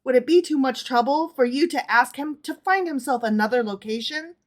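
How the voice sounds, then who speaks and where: A woman's voice: sits high, a little fast, voice pushed up, natural voice. A woman reading aloud and voicing a poor, humble little male tailor who asks politely and deferentially.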